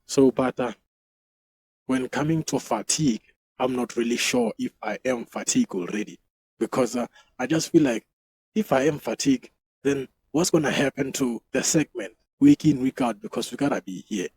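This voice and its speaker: A man's voice: medium pitch, moderate pace, darkish tone, slightly rough, no echo, rough recording. A South African man hosting his own show, talking loosely and profanely and laughing at himself. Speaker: podcast host. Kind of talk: casual solo commentary.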